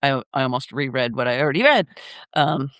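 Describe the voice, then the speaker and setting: A man's voice: medium pitch, animated, brisk, a bit bright, no echo. Older guy rambling on a live chat, lots of ums and laughs, dry sound. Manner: rambling, laughs often, many fillers. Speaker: live stream host.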